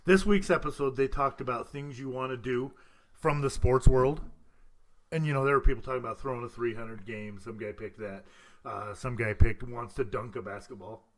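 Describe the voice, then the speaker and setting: A man's voice: medium pitch, normal speed. A man hosting a casual podcast chat, rambling and stumbling over his words, laughing often. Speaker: podcast host.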